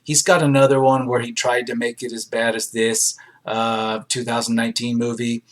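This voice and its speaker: A man hosting a show where he reads audience film reviews aloud and answers them with dry, sarcastic asides, filling pauses with ums. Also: mid-range voice, level tone. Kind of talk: casual commentary reading reviews aloud.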